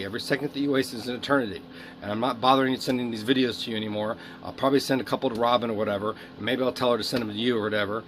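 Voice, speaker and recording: A man's voice: mid-range voice, fairly even intonation, very fast, a bit bright. Rambling man in a noisy video diary. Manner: rambling, emotional, swearing. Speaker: video diarist.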